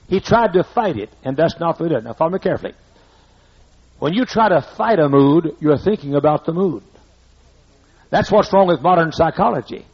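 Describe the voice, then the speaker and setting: An older Southern-accented pastor preaches in a slightly rough voice on the high side, folksy and repetitive as he hammers his points home. The sermon comes through a muffled, lo-fi recording.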